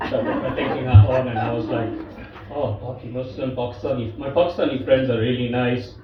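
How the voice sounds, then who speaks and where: A man's voice: medium pitch, steady tone, fast. A man telling stand-up stories in an easygoing, self-mocking way, picked up from far off in a very echoey live room. The sound is a bit dull and muffled, with faint background noise and audience laughter. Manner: laid-back, self-deprecating with frequent fillers. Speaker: stand-up comedian. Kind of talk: stand-up storytelling.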